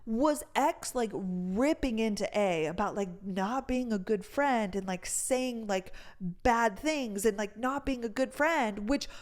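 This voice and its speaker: A woman's voice: on the high side, takes it slowly. A young woman hosting a podcast and telling a long story in casual chat, full of fillers and swearing. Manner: chatty, fills with "like", swears freely. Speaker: podcast host.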